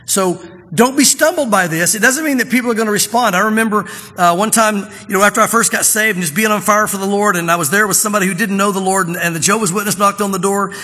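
A man preaching a sermon as pastor, chatty and plain, slowing down to read scripture with emphasis. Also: high voice, pushed and bright, slightly rough. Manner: conversational preaching, reads scripture slowly and with emphasis. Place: church sanctuary. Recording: long reverb of a church hall.

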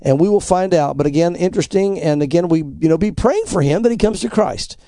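Middle-aged pastor, man, high pitched, mellow dark tone, emphatic and earnest news commentary. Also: fairly quick, dry recording, studio quality. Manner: emphatic, earnest, quotes scripture and articles. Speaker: pastor, co-host. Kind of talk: preaching-style news commentary.

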